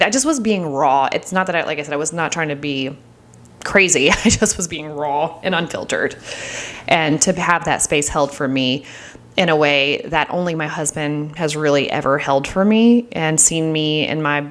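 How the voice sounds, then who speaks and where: A middle-aged woman hosting a podcast, talking earnestly and openly in a rambling personal monologue full of "like"s. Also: fairly low pitch. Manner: earnest and open, rambling with many "like"s. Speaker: podcast host.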